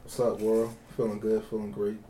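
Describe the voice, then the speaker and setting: A man's voice: fairly low pitch, monotone, normal speed, warm tone. A man from Philadelphia co-hosting a podcast, laid-back and teasing. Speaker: podcast co-host. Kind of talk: casual podcast banter. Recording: roomy echo, faint background noise.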